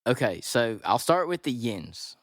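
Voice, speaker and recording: A man's voice: mid-range voice, big pitch swings, a little slow, no echo. Podcast guest, male, 20s, Pittsburgh accent gone half Southern, rambly and giggly, dry close mic. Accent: Pittsburgh with a Southern lean. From Pittsburgh, USA. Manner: rambling, laughs often, many restarts. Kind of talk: casual podcast chat.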